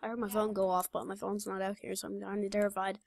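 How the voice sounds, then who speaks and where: A young woman chatting casually while playing a game, excitable, blurting out reactions and laughing. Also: mid-range voice, fast, vocal fry, no echo. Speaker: gamer. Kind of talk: casual gaming chat.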